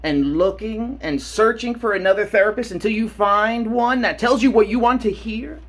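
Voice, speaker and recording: Man, late 30s, vlogger: husky, slightly high voice, rambling and profane. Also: normal speed. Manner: profane, animated, worked up. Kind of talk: rambling casual monologue. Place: home shower.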